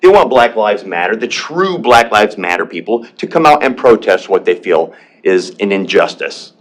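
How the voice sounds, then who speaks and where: During public comment at a county board meeting, a veteran and business owner speaks emotionally and defensively, repeating himself and starting over often. His voice is on the low side and very animated, at a normal speed.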